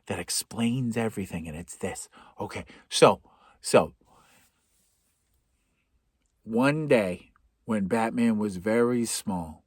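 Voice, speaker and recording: A man recapping a film plot for comedy, rambling and sarcastic, with sudden loud outbursts and whispered asides. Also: medium pitch, no room sound, clean studio sound. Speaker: podcast host.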